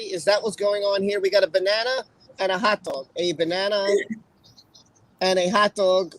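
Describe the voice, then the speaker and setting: A man's voice: high-pitched, poor audio. A man hosting a live stream, chatting casually and joking as he thanks viewers. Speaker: host.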